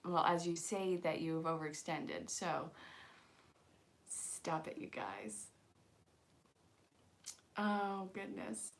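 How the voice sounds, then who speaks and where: A woman with a voice on the low side speaks slowly in a steady tone. She's an angel card reader hosting a casual live-streamed reading on her channel, chatty and encouraging, joking with her viewers' comments as she offers spiritual self-help talk.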